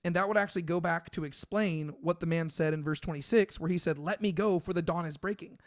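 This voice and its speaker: A man's voice: on the high side, fast, no room sound, studio quality. A man co-hosting a casual Bible discussion, thinking aloud with plenty of fillers and restarts. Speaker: podcast co-host.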